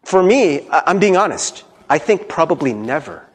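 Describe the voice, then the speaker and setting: A man preaching a sermon as pastor, playful and animated, asking the congregation many questions. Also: fairly high pitch, moderate pace, husky.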